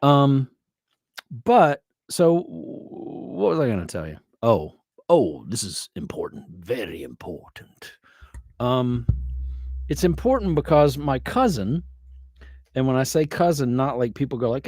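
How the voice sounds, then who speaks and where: A man's voice: mid-range voice, sing-song, measured pace, pauses often, darkish tone, dry recording. A middle-aged man hosting a live music stream from his home studio, chatting in a loose, rambling way with lots of fillers. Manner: rambling, easygoing, often trails off with fillers. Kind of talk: casual live-stream chat.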